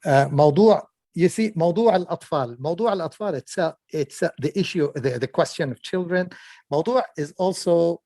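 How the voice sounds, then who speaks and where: An interpreter talks slowly and carefully, with a lot of "uh"s. His voice sits a little high for a man. The recording is dry and close, with no room sound. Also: dark tone, no echo. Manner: measured, hesitant, many fillers. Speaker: interpreter discussing Arabic text. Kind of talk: conversational language breakdown.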